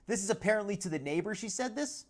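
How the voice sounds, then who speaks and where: A woman's voice: mid-range voice, animated, quick pace. A woman hosting a live commentary stream, chatting loosely, laughing often and breaking off mid-sentence. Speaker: livestream host. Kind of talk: live commentary on social media clips.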